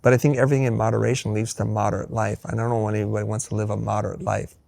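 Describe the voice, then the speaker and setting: A man talking as a guest in a candid interview, an animated storyteller who acts out dialogue with blunt, wry humor. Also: on the low side, racing, gravelly, dry recording. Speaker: podcast guest.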